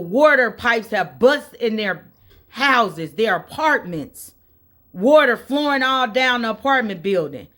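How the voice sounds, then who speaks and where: A woman from Indiana, USA, speaks straight to her vlog audience with a slightly high voice. She rants in exasperation and circles back to the same complaints. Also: a bit bright. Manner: exasperated ranting, repeats points. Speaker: vlogger. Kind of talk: casual opinion vlog.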